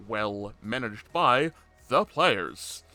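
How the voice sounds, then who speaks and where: A man in his thirties leads a relaxed interview with a fairly low voice. He tells stories animatedly, cracking jokes and laughing along the way. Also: extremely slow, faint music behind. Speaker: podcast host and roleplay community admin. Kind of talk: casual conversational interview.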